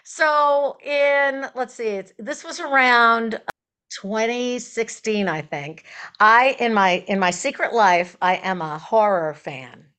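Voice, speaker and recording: A woman songwriter and performer, a guest on an interview show, telling stories in a chatty, animated way and laughing as she goes. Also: a little high, slow, clean tone. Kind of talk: casual interview storytelling.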